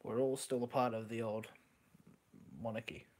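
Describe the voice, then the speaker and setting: An Australian man talks into a headset microphone during a casual live stream. He rambles and cracks jokes, and his voice sits at an ordinary middle pitch. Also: flat delivery, moderate pace, low-quality recording. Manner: rambling, jokey, laughs often.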